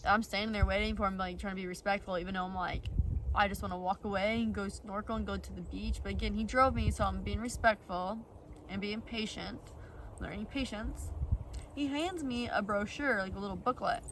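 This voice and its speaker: A woman's voice: medium pitch, fairly even intonation, fairly quick, a bit bright, far from the mic, a little hiss or hum, poor audio. A young woman vlogger telling a personal story in a rambling, blunt way, full of fillers and the odd swear. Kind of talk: casual storytelling.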